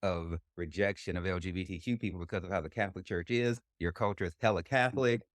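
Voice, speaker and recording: Low-voiced man asking probing questions. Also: steady tone, fast, no room sound. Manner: probing, direct, casual slang. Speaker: podcast host. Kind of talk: interview questions.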